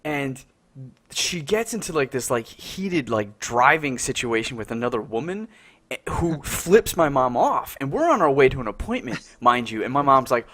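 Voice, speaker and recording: A man's voice: mid-range voice, big pitch swings, normal speed, fairly bright tone. Rambling young man telling stories. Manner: rambling storyteller, heavy filler words, acts out quotes. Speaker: podcast co-host. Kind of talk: casual chat.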